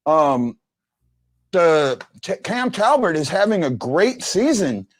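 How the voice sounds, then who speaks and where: Brief: male fan-show host, slightly high voice, rambling storyteller. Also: very animated, takes it slowly. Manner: rambling storyteller, restarts often. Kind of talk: casual sports chat.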